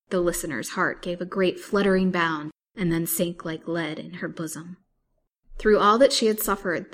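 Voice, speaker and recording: A woman storyteller reading a classic novel aloud with steady, dramatic delivery. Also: fairly low pitch.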